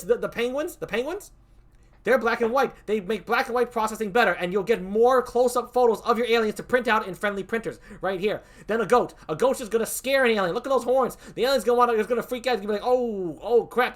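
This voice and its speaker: A man hosting a livestream, doing playful improv game banter with a hammy, animated manner. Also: high voice. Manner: animated, hammy, laughs often. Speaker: stream host.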